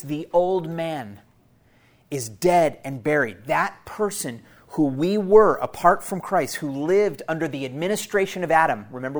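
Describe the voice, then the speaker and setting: This pastor has a fairly high voice with a darkish tone. In his sermon he teaches with sincerity, calls his congregation family and circles back to key phrases for emphasis.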